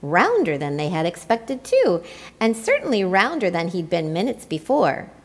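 A woman reading a children's picture book aloud in an expressive, playful way. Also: on the low side, moderate pace. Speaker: storyteller. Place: church.

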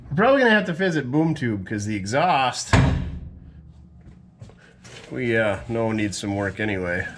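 A man's voice: medium pitch, very animated, normal speed, noisy background. A man hosting a truck build video, chatting casually and joking with viewers as he works. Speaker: mechanic and video host.

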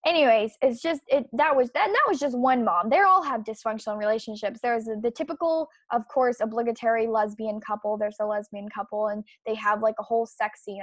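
A woman's voice: medium pitch, dry recording. A woman hosting a podcast, giving opinionated commentary in an indignant, emphatic and scornful way. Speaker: podcast host.

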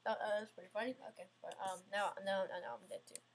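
Husky-voiced woman grumbling through a game. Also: medium pitch, fairly even intonation, quick pace. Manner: frustrated, self-mocking, talks to the game. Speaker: gamer playing an obstacle course game. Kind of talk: casual gameplay commentary.

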